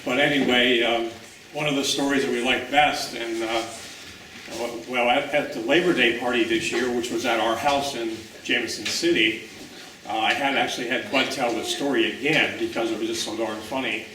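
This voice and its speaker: A man shares memories at a memorial luncheon, wandering through his stories with plenty of ums and restarts. His voice sits in the middle range and comes from a distance in an echoey room, with steady background noise. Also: mid-range voice, moderate pace. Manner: rambling, warm storytelling with fillers. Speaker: memorial speaker. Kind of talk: personal remembrance at a luncheon.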